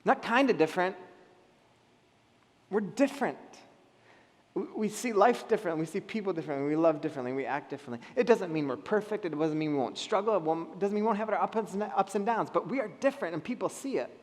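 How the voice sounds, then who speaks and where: Male pastor, higher pitch, lively sermon delivery, long hall reverb. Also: fast. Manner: animated, acts out voices of people in the story. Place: church hall.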